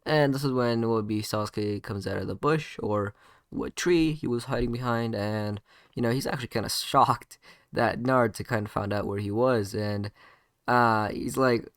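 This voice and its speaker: A man's voice: medium pitch, normal speed, dry recording, clean studio sound. A man casually narrating an improvised fan story, rambling with many fillers and self-corrections.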